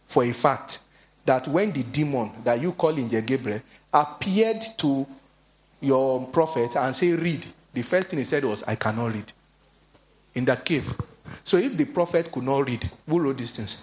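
A man preaching a sermon, telling stories animatedly and acting out the voices of the people he quotes. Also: a little hiss or hum. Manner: animated storytelling, acts out quoted voices in a high pitch.

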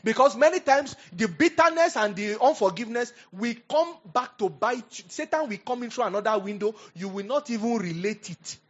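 A man preaching a sermon as pastor, animated, swinging from hushed asides to loud emphatic bursts. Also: high voice, moderate pace, few pauses, lo-fi sound.

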